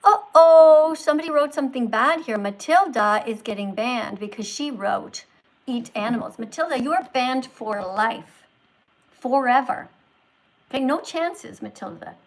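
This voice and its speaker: High-voiced woman hosting a livestream in a teacher role; moralizing, scolding lecture. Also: lively intonation, normal speed, low-quality recording. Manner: scolding, moralizing, swings loud to soft. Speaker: livestream host posing as a teacher.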